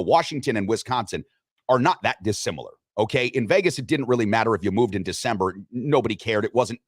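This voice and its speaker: A man's voice: mid-range voice, husky, dry recording, studio quality. A man hosting a sports radio show, chatting loosely, joking and reading sponsor spots. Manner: loose, joking, swears casually. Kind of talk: casual sports talk with live sponsor reads.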